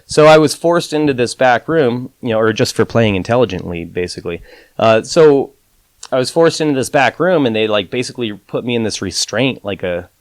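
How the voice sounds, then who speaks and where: A man's voice: medium pitch, animated, a little fast, no room sound. A man guest on a podcast, telling a story in casual talk, full of "you know" and fillers, acting out the quotes he retells. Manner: acts out quotes with raised voice. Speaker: podcast guest, advantage gambler.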